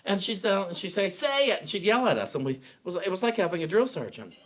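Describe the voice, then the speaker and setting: A man's voice: high voice, very animated, quick pace, a crowd in the background. A man giving a sermon as pastor, talking in a personal, conversational way and often restarting his sentences. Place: church sanctuary.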